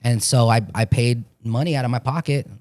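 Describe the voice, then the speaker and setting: A man in his forties from Florida, an actor talking as a podcast guest in a casual, animated way, swearing often as he tells stories. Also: mid-range voice, fairly quick. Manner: profane, animated storytelling with frequent swearing. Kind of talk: casual chat.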